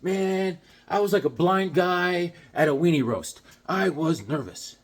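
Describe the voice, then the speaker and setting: A man's voice: high-pitched, a little slow. A man talking casually about the comic books he has collected, jokey and theatrical, breaking into little bits and voices. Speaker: comic book collector and video host. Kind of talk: casual vlog chat.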